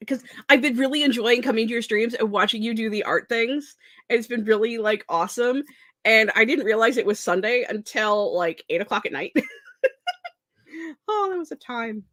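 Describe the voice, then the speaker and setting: A woman's voice: fairly high pitch, a bit bright, no echo, clean studio sound. A sleep-deprived young woman rambling and laughing as she chats with viewers on a live stream. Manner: rambling, scattered, self-deprecating, laughs often. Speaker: streamer hosting a productivity stream. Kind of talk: casual live-stream chat.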